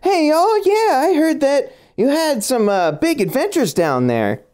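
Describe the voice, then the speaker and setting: Man playing folksy old-sounding southern woman, clumsy drawl, high voice. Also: unhurried, darkish tone, clean tone.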